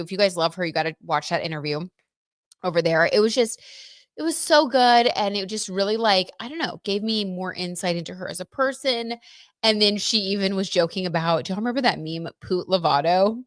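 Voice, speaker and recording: A woman's voice: medium pitch, a little fast, no echo, clean studio sound. A young woman hosting a casual livestream, chatting about tarot and celebrity gossip with lots of "like" and "you know.".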